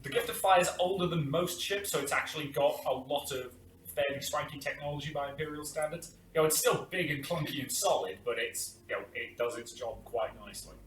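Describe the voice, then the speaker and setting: A man's voice: on the high side, fairly quick, a bit bright. A man running a tabletop game as game master, narrating with many ums and uhs. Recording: echoey room, far from mic, faint noise.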